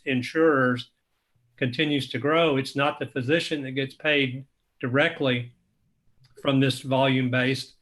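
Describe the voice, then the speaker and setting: A man speaking in a measured, explanatory way on an online panel discussion. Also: medium pitch, fairly bright tone.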